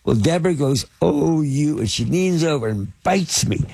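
An older man tells show-business stories in a gravelly, slightly husky voice. He stumbles through ums and false starts, circling back before landing each point. The sound is close and dry. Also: fairly high pitch, expressive, darkish tone, no echo. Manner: halting, lots of fillers and restarts. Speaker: interview guest, film producer and actor. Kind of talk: anecdotal storytelling in conversation.

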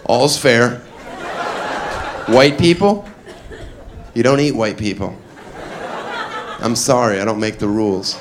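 Male comic doing stand-up, deadpan and chuckling, handheld mic, noisy live club tape. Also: medium pitch, slow pace, long pauses, a crowd in the background. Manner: deadpan, self-amused, often laughing. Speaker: stand-up comedian. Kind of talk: stand-up comedy set. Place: comedy club stage. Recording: live club recording with background noise.

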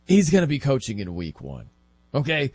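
A man hosting a casual sports talk show, chatty and animated, with laughing asides. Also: medium pitch, normal speed, no room sound.

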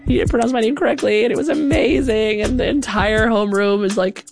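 Animated woman telling a personal story. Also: vocal fry, music in the background. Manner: animated, quick, jumps into high character voices.

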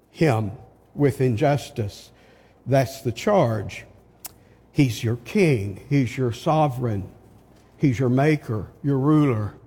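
An older man preaching a sermon, slow and emphatic, asking his listeners rhetorical questions. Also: mid-range voice, warm tone, slightly rough. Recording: long hall reverb.

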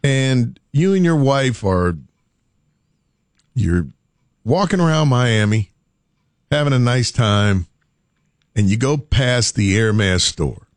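A man's voice: mid-range voice, animated, slow pace, pauses often, no echo. Brief: male talk host, playful storytelling, dry voice. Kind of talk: casual talk show chat.

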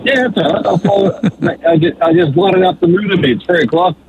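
An Australian truck driver in his forties calling a radio show, halting, with many fillers and the odd joke. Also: sits high, darkish tone, slight background noise. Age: 40s. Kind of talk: talkback call. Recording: tinny phone line.

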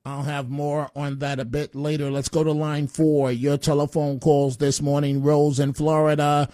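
A talk radio host, chatty and opinionated, pausing often on fillers as he moves between stories. His voice sits a touch high for a man. The studio sound is dry and close. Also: level tone, dark tone, no room sound.

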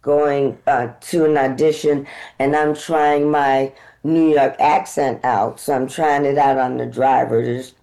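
An American woman actor, a guest in an interview, telling lively stories and acting out the dialogue in them. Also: very deep voice, unhurried, gravelly, rough recording. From United States. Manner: animated, acts out dialogue in her stories. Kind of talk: conversational interview storytelling.

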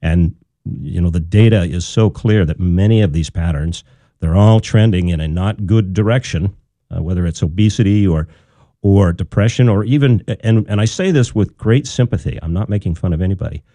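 A man's voice: sits low, normal speed, dark tone, no echo. A middle-aged man, a researcher in communication, speaking as a guest in a casual radio interview, thoughtful and loose with fillers and restarts.

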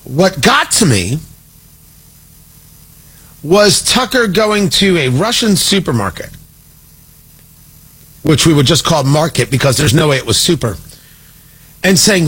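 A man's voice: fairly high pitch, lively intonation, a little slow, pauses often, a bit bright, breathy edge. A man delivering a sarcastic, exasperated political opinion monologue as a commentator.

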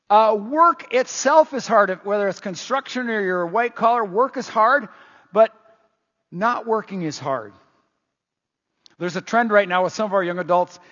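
A man's voice: high voice, pushed and bright. Older man preaching in an echoey church. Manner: folksy, conversational, emphatic repetitions. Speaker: pastor. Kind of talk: sermon. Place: church sanctuary. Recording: dull sound in a reverberant church hall.

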